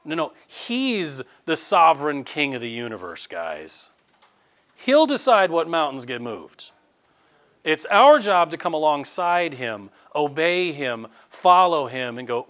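A middle-aged male pastor preaching a fervent sermon, his pitch leaping up and down with emphasis. He drops to quiet, confiding asides, then surges back into loud, emphatic declarations. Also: big pitch swings, measured pace. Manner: closes in prayer.

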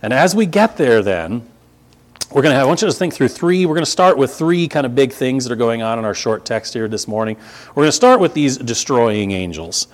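Man, thirties, pastor preaching, lively swinging pitch, emphatic repetition. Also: brisk. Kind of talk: sermon.

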